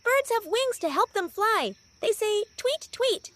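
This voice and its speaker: A woman hosting a children's lesson, reading scripted narration for toddlers in a sing-song voice, naming each word slowly and with exaggeration. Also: very high voice, big pitch swings, fairly bright tone. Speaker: children's educational host.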